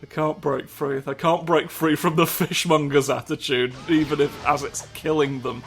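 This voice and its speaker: A man's voice: a little high, fairly even intonation, moderate pace. A man giving absurd, rambling comedic commentary while playing a game, swearing often. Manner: absurd, rambling, swears, sudden silly voices. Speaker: gameplay commentator. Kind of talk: comedic let's play commentary. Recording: game music loud behind voice.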